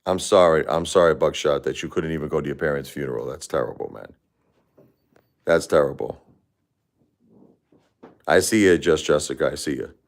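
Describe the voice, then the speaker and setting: A middle-aged man with a low, deep voice talks on a casual livestream and reacts to viewer comments. He is grieving and raw, murmuring soft condolences one moment and raising his voice in anger the next. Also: moderate pace, long pauses. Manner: emotional, swings from quiet sympathy to loud angry outbursts. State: grieving and upset. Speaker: livestream host.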